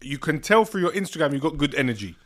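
A man hosting a podcast, giving quick, encouraging replies to his guest. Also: a little high, sing-song, a bit bright. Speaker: podcast host. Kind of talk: casual interview chat.

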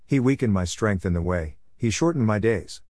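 Low-voiced man reading scripture, dry. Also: no echo. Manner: steady, measured recitation. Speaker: scripture reader.

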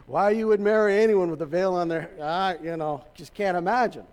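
A man's voice: high voice, fairly quick, darkish tone. A male pastor preaching a sermon, retelling a story in a conversational way with touches of humor. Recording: reverberant hall.

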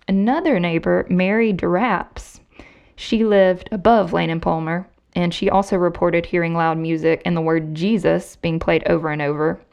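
A woman's voice: fairly low pitch, creaky, muffled recording. A woman hosting a podcast, casually recounting a true crime case to her co-host and reading quotes with emphasis. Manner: conversational, reads quotes with emphasis.

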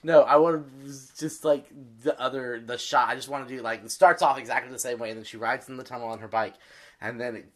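A man's voice: medium pitch, fairly even intonation, quick pace, fairly bright tone. A man co-hosting a podcast, chatting casually and often filling his talk with "like.". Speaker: podcast co-host.

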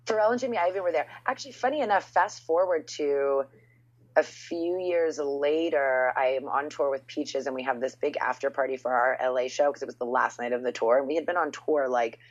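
A woman's voice: extremely low pitch, fairly quick, muffled recording. A woman in her thirties, a musician guest on a podcast, telling stories in casual chat with lots of "like" and quoted voices. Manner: storytelling, animated quotes, frequent "like".

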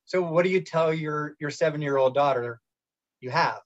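A man's voice: on the high side, moderate pace. A middle-aged man candidly telling a personal story in a casual interview, rambling with restarts and acted-out quotes. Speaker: guest telling his cancer story. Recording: muffled lo-fi sound.

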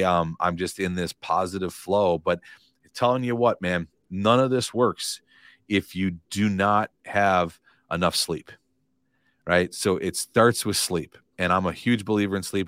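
Man, very deep voice, dry close sound, motivational, repetitive, podcast guest. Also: fairly even intonation, measured pace, a bit bright, no echo. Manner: earnest, motivational, repeats phrases. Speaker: podcast guest, real estate coach. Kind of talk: casual interview talk.

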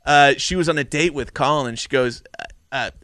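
A man's voice: medium pitch, a little fast, sharp tone, dry recording, studio quality. A young man co-hosting a casual film podcast, giving blunt, opinionated rankings. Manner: opinionated, ranks things with blunt verdicts. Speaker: podcast co-host.

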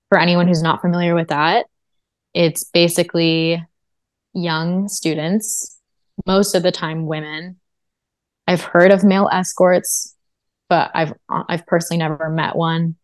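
A woman's voice: fairly low pitch, no echo. A woman guest in an interview, telling her own story in an earnest, reflective way. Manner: earnest and reflective, with frequent fillers. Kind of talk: personal testimony in a podcast interview.

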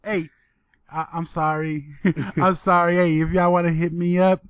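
A man's voice: high-pitched, little pitch movement, moderate pace, smooth, no room sound. A man co-hosting a podcast, joking and laughing often in profane, casual banter. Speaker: podcast co-host.

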